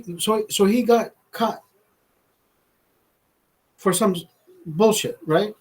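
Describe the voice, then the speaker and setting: A man's voice: sits high, slow, a little mellow, slightly rough. A man hosting a casual livestream, rambling and swearing, laughing often as he talks to viewers. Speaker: livestream host.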